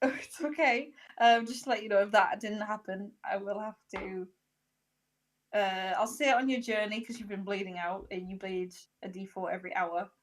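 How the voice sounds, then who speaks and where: A woman's voice: mid-range voice, fairly even intonation, normal speed. A woman acting as game master of a tabletop role-playing game, chatty and giggly, with lots of fillers.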